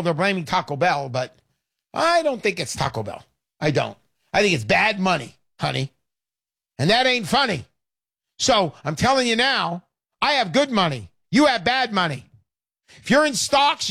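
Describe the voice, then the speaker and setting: A man's voice: high-pitched, a bit bright, dry recording, studio quality. Emphatic hard-selling male radio host. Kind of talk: talk radio sales pitch.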